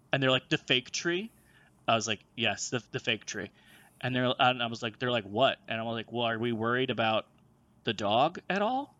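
A man tells a rambling, swear-filled anecdote, laughing along the way. His voice is bright and forward. The recording is dry and close, with no room sound. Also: mid-range voice, no room sound. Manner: profane, animated, laughing while telling. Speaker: storyteller on a comedy podcast. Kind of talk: casual anecdote telling.

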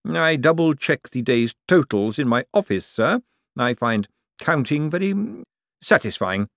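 A man's voice: medium pitch, expressive, measured pace, dry recording, clean studio sound, pitched above the performer's own voice. A man voicing a stiff, precise male head cashier who speaks formally and deferentially.

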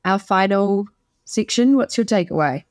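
A woman co-hosting a podcast chats casually and with enthusiasm, rambling along with lots of fillers. Her mid-range voice has lively intonation and a normal pace, captured as clean studio audio with no room sound.

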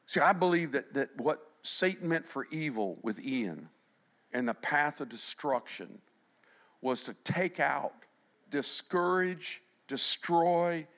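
A middle-aged male pastor delivers a sermon in a bright, fairly high voice. He preaches with animation, rising to loud emphasis and then dropping to hushed, quiet passages.

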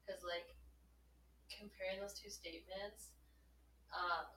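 A woman's voice: medium pitch, steady tone, slow, sharp tone. A young woman co-hosting a podcast, chatting bluntly. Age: young adult. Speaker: podcast co-host. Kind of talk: casual podcast chat. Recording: roomy, distant mic with faint hum.

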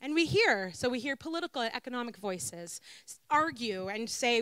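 Bright-voiced woman giving an earnest talk. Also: a little high, lively intonation, normal speed. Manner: earnest, repetitive, building rhetorical lists. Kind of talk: reflective sermon-style talk.

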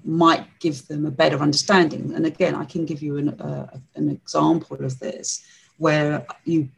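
A woman as a podcast guest, telling a story in a reflective way, with frequent pauses and fillers. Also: sits low, gravelly, breathy edge, rough recording. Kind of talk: conversational interview storytelling.

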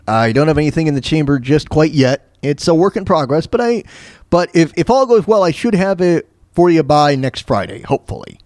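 Male podcast host, casual and rambling, very lively pitch, dry close sound. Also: fairly quick, no room sound. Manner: rambling, hesitant, full of fillers and restarts. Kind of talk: casual commentary over news clips.

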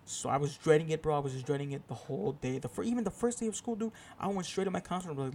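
Gravelly-voiced young man ranting casually. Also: a little high, very fast, few pauses, mellow. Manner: profane, rambling, self-deprecating. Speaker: podcast host. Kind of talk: casual solo storytelling.

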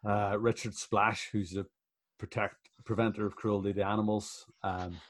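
A man's voice: fairly low pitch, little pitch movement, normal speed. A man chatting casually on a podcast about wrestling shows, laughing often and swearing freely. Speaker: professional wrestler guest.

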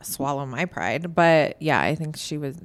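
A woman co-hosting a podcast, chatting casually in a blunt, animated way and swearing freely. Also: deep voice, unhurried. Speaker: podcast co-host. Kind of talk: casual chat.

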